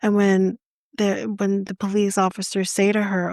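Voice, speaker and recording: A woman's voice: medium pitch, monotone, moderate pace, darkish tone, no echo. A Canadian woman co-hosting a podcast, retelling a story in casual chat in an indignant, impassioned and blunt way. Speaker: podcast co-host.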